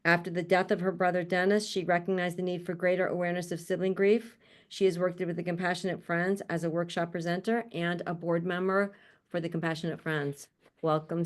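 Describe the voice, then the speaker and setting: A woman hosting an online panel, introducing speakers in an upbeat, chatty way over a video call. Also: on the low side. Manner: upbeat and chatty, laughs often. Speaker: conference host introducing a panel. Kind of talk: casual spoken introductions.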